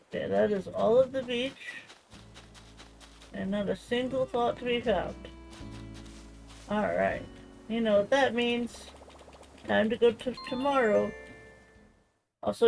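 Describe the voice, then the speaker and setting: A woman streamer chatting casually and rambling softly while she plays a game. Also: medium pitch, gravelly, rough recording. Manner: rambling and soft-spoken, full of fillers.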